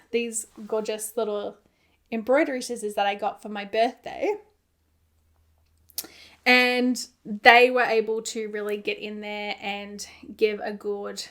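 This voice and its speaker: A woman's voice: fairly high pitch, a bit bright. A woman hosting a knitting podcast in casual chat, rambling with lots of "like" and laughing at her own mishaps. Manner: chatty and rambling, often says "like".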